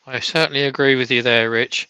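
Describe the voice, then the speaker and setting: A man's voice: mid-range voice, steady tone, a little fast, sharp tone, smooth, no echo, low-quality recording. Coughing man reading comments. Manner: chatty, teasing banter. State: has a bad cough. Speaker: co-host reading viewer comments. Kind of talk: casual live-stream chat. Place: office.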